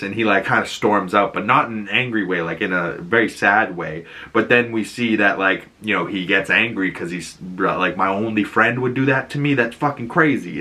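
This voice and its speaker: Bright-toned Boston man recapping a show. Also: on the low side. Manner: chatty, loose retelling, acts out characters' lines in quick voices. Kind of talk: casual recap commentary.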